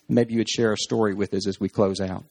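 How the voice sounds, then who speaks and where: A man leading a church service, talking gently with many pauses and fillers, interviewing a guest and then praying aloud. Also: on the low side, steady tone, gravelly. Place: church hall.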